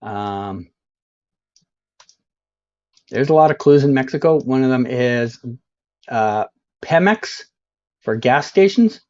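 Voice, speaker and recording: Slow-talking joking male streamer, lo-fi mic. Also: medium pitch, darkish tone. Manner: joking, self-mocking, sounds out signs slowly. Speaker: streamer playing a geography game. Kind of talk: casual live-stream commentary.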